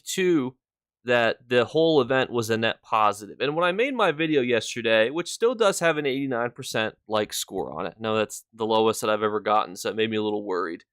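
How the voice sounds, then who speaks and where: A man's voice: on the low side, expressive, fast talker, a bit bright, clear, resonant tone, dry recording, clean studio sound. A man casually talking to his viewers on a live stream, rambling through his points and stopping to thank people in chat.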